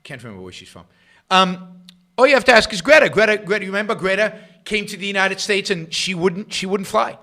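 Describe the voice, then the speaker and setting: Middle-aged guy ranting on his show, sarcastic, bright forceful voice, kinda high. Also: brisk. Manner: sarcastic, animated, swings between loud jabs and muttered asides. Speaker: podcast host. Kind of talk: opinionated political commentary.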